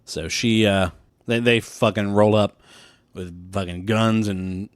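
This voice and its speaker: Laughing, profane young man, low voice. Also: fairly even intonation, slow, smooth, no echo. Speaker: podcast co-host. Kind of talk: casual chat recapping a film. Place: room with many windows.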